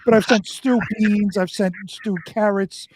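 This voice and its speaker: A man's voice: high-pitched, steady tone, measured pace, noisy background. A man co-hosting a live show, rambling casually and swearing. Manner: rambling, profane. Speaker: co-host. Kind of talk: casual banter.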